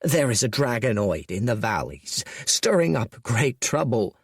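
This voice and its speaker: A man's voice: medium pitch, sing-song, unhurried, husky, dry recording, clean studio sound, full character voice. A man voicing a nervous, desperate male dragon lieutenant whose pleading voice cracks upward. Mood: pleading, panicked.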